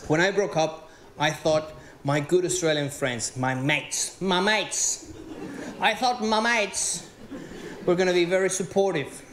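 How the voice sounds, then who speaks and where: A man's voice: high-pitched, measured pace, a bit bright. A man with a Venezuelan accent doing stand-up comedy on stage, telling stories animatedly and acting out the dialogue. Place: theater stage before live audience. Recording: roomy live venue with audience noise.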